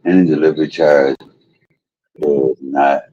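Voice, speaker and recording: A man's voice: a bass voice, fairly even intonation, a little slow, mellow, highs cut off. A man hosting a casual livestream from a hospital room, joking and loose with some profanity. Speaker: livestream host.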